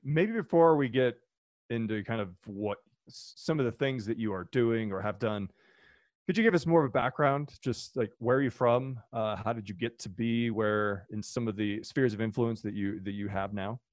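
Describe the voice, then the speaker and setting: A man's voice: on the low side, moderate pace, no room sound, clean studio sound. A man hosting a podcast, introducing the episode and the guest in a friendly, chatty way with many fillers. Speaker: podcast host.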